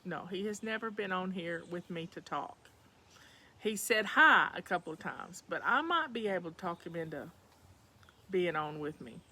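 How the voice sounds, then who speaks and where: A woman's voice: lowish voice, lively intonation, moderate pace, pushed and bright, husky. A woman with a Southern accent hosting a casual chat from home, folksy and chatty, talking to her viewers as y'all. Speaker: livestream host.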